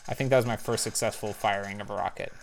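A man giving casual commentary while playing a spy video game, thinking aloud with little excited outbursts. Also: lowish voice, quick pace, vocal fry, slight background noise. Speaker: parent. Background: faint game music.

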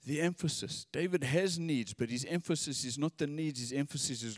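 A man's voice: a little high, moderate pace, no room sound, studio quality, big-room sound. A man preaching a sermon in an earnest, conversational way, often repeating his words.

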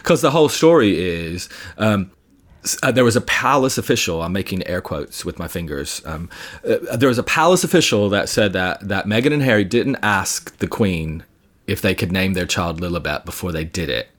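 A man's voice: sits low, expressive, normal speed, a bit bright. A man with a British accent co-hosting a casual podcast, telling stories chattily with fillers and restarts. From England. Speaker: podcast co-host. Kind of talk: casual chat. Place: home in London.

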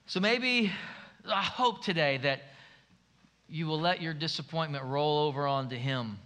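Pastor, male, high and forceful voice, emphatic preaching, on a stage mic. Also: a little slow. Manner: emphatic preaching, voice rising and falling for stress. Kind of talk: sermon.

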